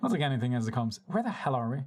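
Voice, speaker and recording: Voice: medium pitch, big pitch swings, darkish tone. A young-adult streamer chatting with viewers over live gameplay, teasing them, laughing a lot and swearing casually. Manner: chatty, teasing and quick to react.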